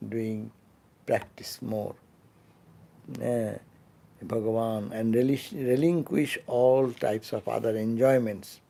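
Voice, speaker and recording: Slow and halting, a swami with a gravelly, mellow, mid-range male voice gives an impromptu scripture class in a temple lecture hall. He restarts sentences, leans on fillers, and lets his phrases drift off gently.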